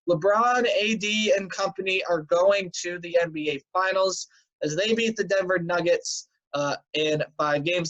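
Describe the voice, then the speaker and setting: The host of a casual weekly sports recap has a high, slightly bright voice and sounds tired, yawning as he chats, peppering his talk with "um" and "uh" and offhand predictions. It's recorded at home, dull and lo-fi.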